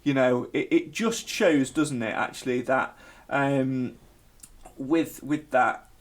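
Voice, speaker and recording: A man co-hosting a casual podcast chat, animated and jokey. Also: medium pitch, slow. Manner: animated, jokey, bursts into sung tunes and mock shouts. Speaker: podcast co-host.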